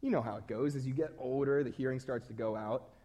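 A man's voice: medium pitch, quick pace, dark tone. A man preaching a sermon in a conversational, self-deprecating storytelling manner.

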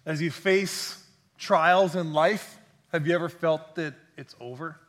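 High-voiced pastor preaching conversationally. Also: male voice, a little slow, fairly bright tone. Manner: conversational, friendly, with restarts. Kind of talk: sermon. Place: church.

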